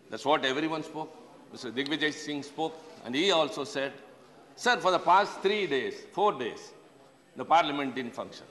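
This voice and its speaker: Older indian english guy speaking in parliament, kinda high voice, says sir to the chair a lot, big echoey hall. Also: fairly bright tone. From Tamil Nadu, India. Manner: formal, addresses the chair as sir again and again; impassioned questioning. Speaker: member of parliament. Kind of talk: parliamentary speech. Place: parliament chamber. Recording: long reverb of a large chamber.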